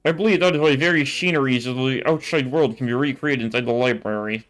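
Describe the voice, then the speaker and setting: A man's voice: medium pitch, fast talker, fairly bright tone, soft background music, lightly acted. Pedantic bookish librarian, lisp through clenched teeth, formal and exact, as a man puts him on, mid-range voice. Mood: lecturing. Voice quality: lisping, talking through closed teeth. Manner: formal, precise, explanatory. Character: fussy nerdy male librarian, bookish and pedantic. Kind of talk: reading game dialogue aloud in character.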